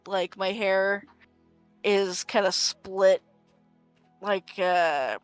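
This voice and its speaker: A woman chatting casually with friends, telling stories in an animated way. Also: medium pitch, very slow, clean tone, soft background music. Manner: animated storytelling.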